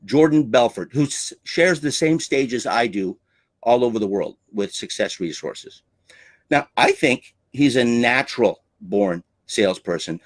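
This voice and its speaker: Guy teaching sales, big swoopy pitch, really showy delivery, dry close sound. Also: lively intonation, a little slow, no room sound. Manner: theatrical, emphatic delivery. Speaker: sales coach. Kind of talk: teaching talk on selling.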